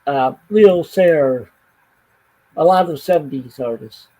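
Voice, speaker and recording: A man hosts a relaxed chat about records and soundtracks. His voice is mellow and a little higher than most men's. He talks haltingly and leans on fillers as he gathers his thoughts. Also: rough recording. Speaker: show host. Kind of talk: casual chat. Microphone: streamed panel chat.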